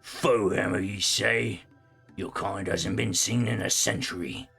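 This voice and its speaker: A man voicing a huge, menacing male barbarian warrior who talks in a gruff, slangy way. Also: fairly low pitch, a little slow, fairly bright tone, soft background music, heavily acted.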